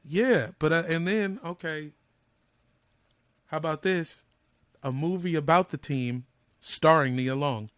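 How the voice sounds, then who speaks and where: A comedian guest on a sports podcast, riffing and joking in playful rants. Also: male voice, on the high side, slow pace, long pauses, a bit bright, no room sound. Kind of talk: casual sports podcast chat.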